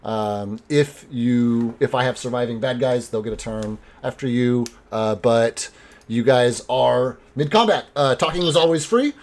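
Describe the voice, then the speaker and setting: Game master, male, mid-pitched, relaxed rules explainer at the table. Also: measured pace.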